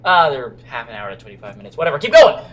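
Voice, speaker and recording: A man's voice: medium pitch, expressive, rapid-fire, pushed and bright, a little hiss or hum. A man casually reading out a game and bantering with a friend, teasing and exasperated. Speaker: gamer narrating a playthrough. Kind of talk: casual let's-play commentary.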